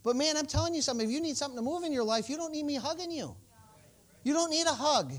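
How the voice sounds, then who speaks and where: High-voiced man preaching a folksy sermon. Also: animated, fast. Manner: folksy, joking, swings from soft asides to bold shouts. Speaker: pastor.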